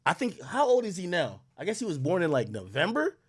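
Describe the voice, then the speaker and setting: A man's voice: high-pitched, huge pitch swings, fairly quick, slightly rough. A young man hosting a podcast, rambling through loose, slang-heavy stories in casual chat. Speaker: podcast host.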